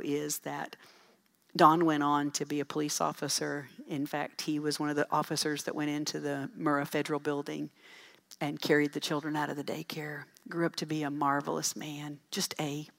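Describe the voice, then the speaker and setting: A middle-aged woman speaking to a church audience, telling folksy, animated stories with asides about parenting. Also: low-pitched, moderate pace, creaky. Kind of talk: storytelling talk to an audience.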